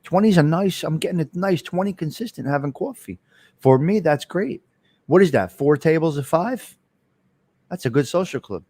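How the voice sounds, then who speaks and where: A man's voice: fairly high pitch, lively intonation, moderate pace, mellow, no echo. Chatty New man spinning old stories. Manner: rambling, repetitive, profane storyteller talking to viewers by name. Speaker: live stream host. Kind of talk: casual live-stream storytelling.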